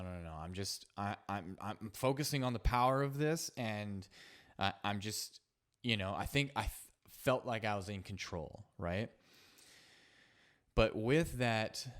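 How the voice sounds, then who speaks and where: Smooth-voiced man telling a story. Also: lowish voice, a bit bright. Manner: reflective, halting with fillers and restarts. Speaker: podcast host. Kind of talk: solo podcast storytelling.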